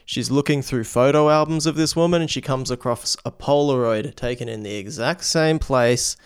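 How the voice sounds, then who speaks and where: A man co-hosting a casual film chat, talking in halting bursts with casual swearing. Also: mid-range voice, clear, resonant tone.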